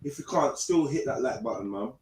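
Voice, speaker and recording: A man's voice: medium pitch, animated, brisk, darkish tone. A man hosting a casual live panel chat, telling laid-back stories. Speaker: livestream host. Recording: echoey room, faint noise.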